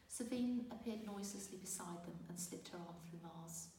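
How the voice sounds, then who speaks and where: Woman narrator, measured storybook reading, low-ish voice, distant from mic, long reverb. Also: creaky, warm tone, a little hiss or hum. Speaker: audiobook narrator. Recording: roomy distant reverberant recording with faint ambience.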